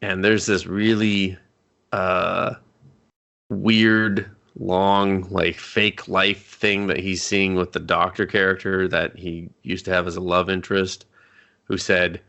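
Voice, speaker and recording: Gravelly-voiced man riffing on a movie. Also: low-pitched, little pitch movement, bright, forceful tone. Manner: profane, jokey, acts out characters in quick impressions. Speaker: podcast co-host. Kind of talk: casual comedic movie review.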